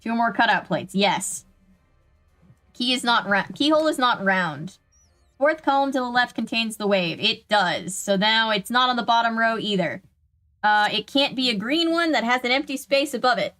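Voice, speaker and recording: A woman's voice: a little high, expressive, normal speed, bright, forceful tone, faint music behind. A woman with a Southern US accent chatting casually while streaming a video game, talking back to the game and her viewers in an exasperated way. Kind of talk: casual let's-play commentary.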